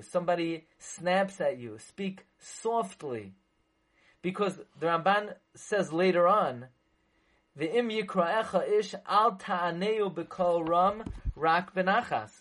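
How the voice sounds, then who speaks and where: A man's voice: sits high, rough recording. A man teaching a religious text in a lecture, making his point emphatically, repeating it and asking rhetorical questions, with Hebrew and Yiddish terms mixed into his English. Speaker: Torah teacher.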